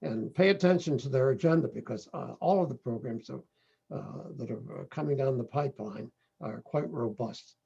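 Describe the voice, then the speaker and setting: A man moderating an online panel discussion, halting, with many fillers. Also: medium pitch, creaky, mellow, slightly rough. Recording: dull lo-fi audio.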